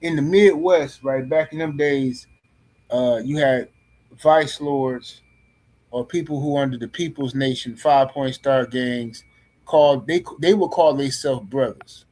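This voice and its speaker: A middle-aged man on a podcast panel tells a story casually, in a blunt, profane and animated way, often restarting his sentences. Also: medium pitch, a little slow.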